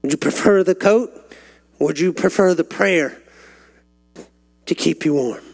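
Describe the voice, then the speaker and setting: A man's voice: a little slow, vocal fry, darkish tone. A man preaching a sermon, telling stories and building to fervent, climbing peaks. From Texas. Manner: rising to fervent, climbing pitch when stirred.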